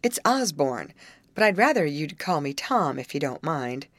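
A woman's voice: low-pitched, normal speed, no room sound, exaggerated voice. A woman voicing a polite, easygoing young man in a storybook reading. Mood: friendly. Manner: courteous, relaxed.

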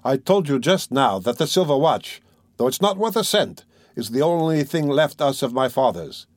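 A man's voice: medium pitch, very animated, normal speed, no room sound, studio quality, voice pushed up. A man voicing a tense, evasive young student who talks hesitantly and anxiously. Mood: nervous. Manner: hesitant, anxious, fake-casual.

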